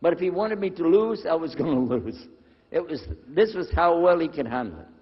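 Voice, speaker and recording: A man preacher telling a personal story in a lecture, animated and acting out the dialogue. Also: on the high side, fairly quick, husky. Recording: dull sound with long hall reverb.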